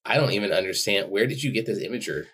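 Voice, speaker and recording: A man's voice: lowish voice, expressive, quick pace, fairly bright tone, breathy edge. A man co-hosting a podcast, chatting casually, reading descriptions aloud, and making dry teasing remarks. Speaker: podcast co-host.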